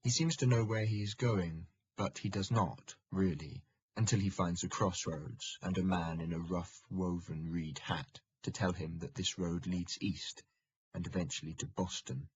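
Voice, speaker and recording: A man gives steady, measured audiobook narration of a historical novel. His voice is deep and very husky. The recording is slightly dull and lo-fi.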